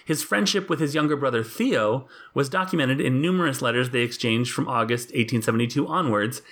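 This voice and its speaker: A man's voice: medium pitch, expressive, a little fast, a bit bright. A man co-hosting a casual podcast, talking in a wry, joking way and laughing often. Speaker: podcast co-host. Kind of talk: casual chat.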